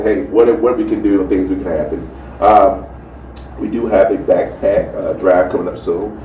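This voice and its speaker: A man's voice: lowish voice, warm tone, distant mic. A man preaching as a pastor, chatting casually with many fillers before starting his sermon. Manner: chatty, lots of "you know" and "amen". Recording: roomy, from off the mic, faint noise.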